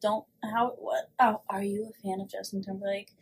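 A woman co-hosting a casual podcast, reacting with quick exclamations and short remarks. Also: medium pitch, flat delivery, husky. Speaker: podcast co-host. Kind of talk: casual chat.

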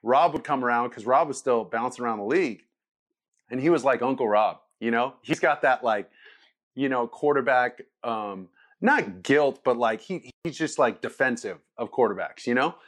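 A man, a former quarterback, telling stories as a guest in a relaxed, laughing way. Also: mid-range voice, normal speed. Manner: loose and laughing, quotes people in lively voices. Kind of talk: casual storytelling interview.

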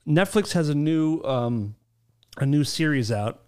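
Teasing, quick-talking man on a podcast. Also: a little high, lively intonation, a little mellow, clean tone. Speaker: podcast co-host. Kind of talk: casual banter.

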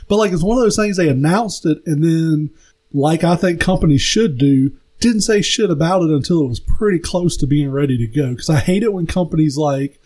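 A young man with a slightly raised pitch and a mellow, warm tone, co-hosting a relaxed podcast. He keeps dropping in fast wisecracks and keeps answering with an easy "oh, yeah.". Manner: quick joking asides, says "oh, yeah" a lot. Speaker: podcast co-host. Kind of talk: casual chat.

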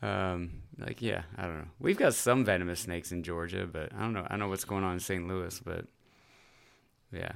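A man's voice: sits low, normal speed, gravelly. A man co-hosting a podcast, telling rambling stories in casual chat with lots of fillers. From abroad, not raised in the US. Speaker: podcast co-host.

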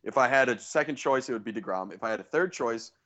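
Animated and fast with a fairly bright, medium-pitched voice, a podcast co-host riffs casually on sports, ranting with sarcastic asides along the way.

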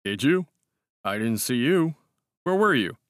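A man's voice: medium pitch, very animated, measured pace, no echo, studio quality. A man voicing a brash, breezy young male cavalry officer who speaks in a hearty, impatient way.

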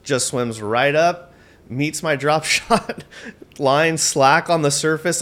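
A man guest on a podcast, telling a tournament fishing story in an animated, excitable way, with lots of "like" and casual swearing. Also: on the high side, moderate pace, a little hiss or hum.

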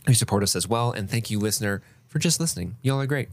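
Lively male podcast co-host. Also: on the low side, fast. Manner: lively, laughs often, reads names off a list. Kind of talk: casual podcast chat.

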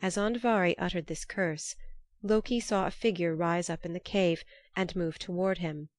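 A woman narrating an old myth in a measured, unhurried storybook reading. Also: fairly low pitch, steady tone, dry recording.

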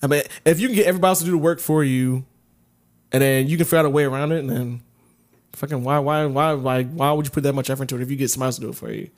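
A man's voice: mid-range voice, rapid-fire. A man co-hosting a podcast in casual chat, talking in a rambling, profane way with many restarts. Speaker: podcast co-host.

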